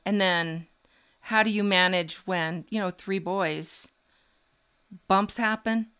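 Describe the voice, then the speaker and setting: A woman's voice: medium pitch, slow pace, fairly bright tone, smooth. A woman hosting a podcast interview, mostly listening with short affirmations and laughs, then asking questions. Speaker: podcast host.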